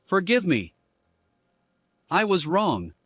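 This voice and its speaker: Male actor as selfish cheating husband; lively, higher voice, dry close recording. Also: measured pace, no room sound. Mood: pleading. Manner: lively, swinging between angry and begging. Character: selfish unfaithful husband, pleading and blustering. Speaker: husband character. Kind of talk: dramatized story dialogue.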